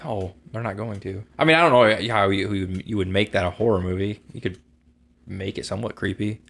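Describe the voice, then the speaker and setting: Male co-host, very low and gravelly, relaxed casual talk. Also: brisk. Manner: relaxed, short agreeing replies. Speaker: podcast co-host. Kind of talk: casual chat.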